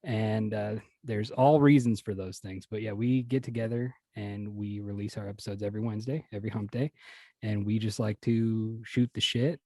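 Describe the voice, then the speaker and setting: A man's voice: on the low side, fairly even intonation, normal speed, a little mellow, no room sound. A man chatting as a guest on a podcast, rambling and swearing casually, laughing often.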